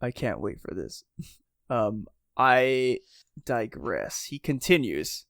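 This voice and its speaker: Speaking slowly in a mid-range voice with vocal fry, this podcast co-host chats casually and rambles, full of fillers and restarts. He brings character quotes to life with animated voices. The studio sound is clean, with no echo.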